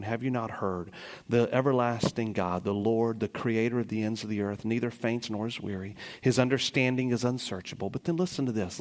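A middle-aged male preacher giving a sermon, shifting between slow, hushed scripture reading and lively, excited storytelling. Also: fairly low pitch, long reverb tail. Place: church sanctuary.

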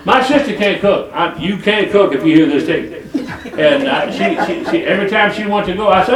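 A man's voice: high voice, expressive, moderate pace, a crowd in the background. An older man from Detroit preaching a folksy, colloquial sermon full of rambling stories and chuckles. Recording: echoey hall from far off.

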